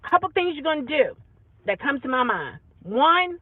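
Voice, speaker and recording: A woman rideshare driver vlogging in a casual, rambling monologue, animated and full of repeats. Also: high-pitched, normal speed, dry recording. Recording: tinny phone-like dry sound.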